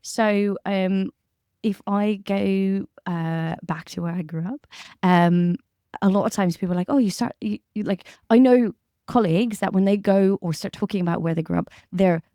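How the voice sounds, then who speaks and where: A woman's voice: mid-range voice, steady tone, moderate pace, mellow, smooth, no echo, studio quality. A woman with a mixed Irish and British accent, a security manager chatting candidly as a podcast guest. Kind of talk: casual interview chat.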